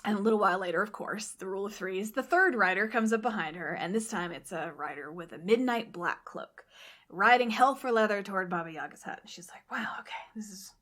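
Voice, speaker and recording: A woman casually retelling a fairy tale on a podcast, animated, swearing and slipping into the characters' voices. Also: mid-range voice. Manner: animated, swears, acts out characters in quick asides. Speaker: podcast co-host and storyteller.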